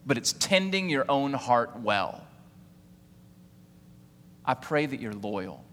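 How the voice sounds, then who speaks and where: A male pastor in his forties delivers a sermon, peppering the congregation with rhetorical questions and asking them to repeat after him. His voice is bright and forceful. A long reverb trails after each phrase, as in a large church hall. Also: mid-range voice, very animated, takes it slowly. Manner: preaching with rhetorical questions and call-outs to the congregation.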